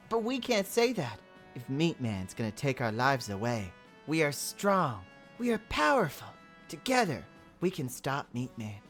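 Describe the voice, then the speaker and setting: A man's voice: on the high side, fairly bright tone, voice pushed up. A man voicing a proud, defiant talking cow in a pompous, speechmaking manner.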